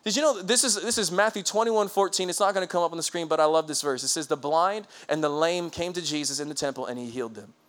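Man pastor, high voice, animated lively sermon with chuckles, church stage. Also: fast talker, few pauses. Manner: lively, conversational preaching with laughs and acted-out quotes.

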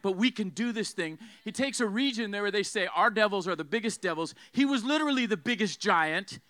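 A fiery male preacher with a high, bright, clear voice, driving his sermon hard and calling on the crowd to repeat after him. The sound is close and dry, with no room echo. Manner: fiery, emphatic, has the crowd repeat phrases.

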